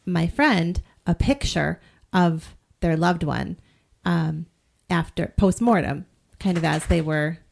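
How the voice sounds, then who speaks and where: A woman's voice: on the low side, vocal fry, a little mellow. A middle-aged woman from New England co-hosting a podcast, chatty and self-mocking, often trailing off and restarting. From New England, United States. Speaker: podcast co-host. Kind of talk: casual chat.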